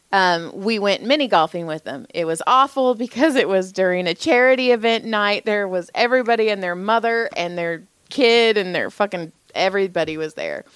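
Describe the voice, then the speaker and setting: A woman in her forties co-hosting a podcast, telling stories in casual chat, animated and swearing freely. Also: clean tone, no room sound. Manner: animated, swears freely, jumps pitch up for quoted voices. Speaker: podcast co-host.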